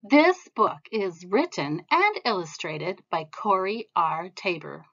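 A woman reading a children's picture book aloud in a gentle, expressive manner. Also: on the low side, takes it slowly, dull audio. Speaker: storybook reader. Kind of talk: storybook read-aloud.

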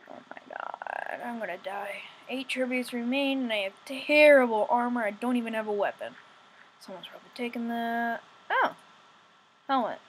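A young woman giving rambling, excitable let's-play commentary, often whining, recorded on a poor home setup. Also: fairly high pitch, slight background noise. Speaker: gamer.

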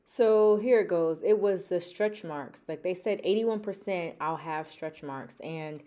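A woman's voice: on the low side, measured pace, warm tone, soft background music. A woman vlogging in a casual, chatty way, talking straight to her viewers as y'all. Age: adult with children. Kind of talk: casual chat to camera.

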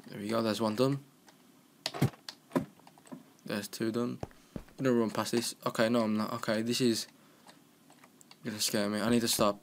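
A young man giving joking, excitable commentary while playing a game, with keyboard clicks in the background. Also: lowish voice, normal speed, pauses often, background noise. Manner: excitable, joking self-talk. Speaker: gaming commentator. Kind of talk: casual gameplay commentary. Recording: home recording with keyboard clicking.

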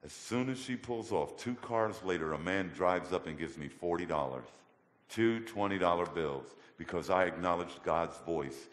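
Lively low-voiced man telling a story. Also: normal speed. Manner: animated, colloquial, acts out voices in his stories. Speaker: guest telling his testimony. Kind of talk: storytelling testimony. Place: church hall. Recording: echoey church hall with long reverb.

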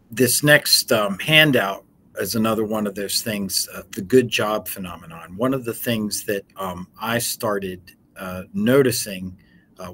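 A man giving a relaxed, informal teaching talk, explaining ideas step by step with frequent ums. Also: fairly low pitch, slight background noise. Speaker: educator.

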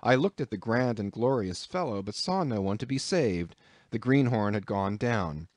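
A man reading a classic novel aloud as an audiobook narrator, measured and expressive. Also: fairly low pitch, no room sound.

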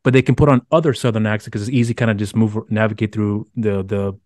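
Fast-talking low-voiced male host. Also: steady tone, a little mellow, no room sound, clean studio sound. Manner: long rambling questions with many restarts. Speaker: podcast host. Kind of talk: casual interview chat.

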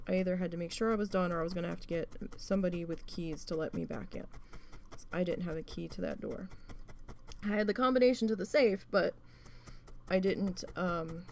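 A woman chatting through a long work story while crafting, rambling and swearing, with plenty of fillers and quick bursts of acted-out dialogue. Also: lowish voice, creaky, darkish tone, a little hiss or hum. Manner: rambling, profane, with many fillers; acts out quoted voices in bursts. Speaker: craft vlogger.

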